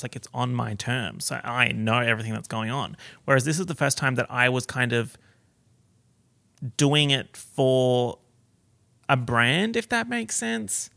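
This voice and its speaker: A young Australian man telling a story to camera in a chatty, gossipy vlog style, full of fillers and sudden excited outbursts. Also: vocal fry, dry recording. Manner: animated, gossipy, lots of fillers and sudden high exclamations. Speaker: YouTuber.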